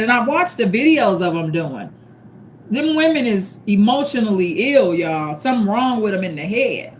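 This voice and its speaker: A woman's voice: fairly high pitch, a little hiss or hum. A middle-aged woman hosting a livestream, giving blunt, opinionated commentary straight to her viewers. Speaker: livestream host. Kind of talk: casual commentary.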